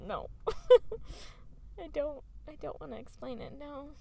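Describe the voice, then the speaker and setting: A woman's voice: high voice, a little slow, gravelly. A woman co-hosting a podcast, bantering casually and giggling inside a parked car. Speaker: podcast co-host. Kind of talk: casual chat.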